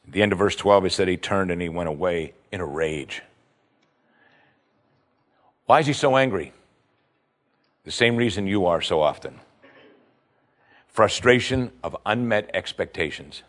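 A man's voice: fairly low pitch, sing-song, unhurried, long pauses. A man preaching a sermon, retelling a scripture story with emphatic asides to his listeners. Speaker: pastor.

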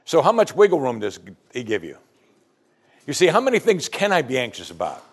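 Animated man preaching a sermon. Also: mid-range voice, a little fast. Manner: animated preaching, acts out prayers in quoted voices. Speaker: pastor.

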